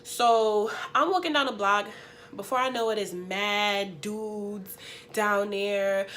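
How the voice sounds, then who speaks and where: A young woman vlogger, sniffly and unwell, telling a story in an animated, slangy, emphatic way. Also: mid-range voice, a little hiss or hum. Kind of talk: story time.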